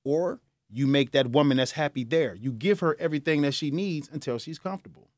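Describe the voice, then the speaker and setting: A man hosting a radio advice show, talking in a lively, folksy way. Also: fairly high pitch, fairly quick, no echo, clean studio sound. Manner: lively, folksy, laughs at himself. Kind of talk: casual advice talk. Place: radio studio. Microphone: studio mic.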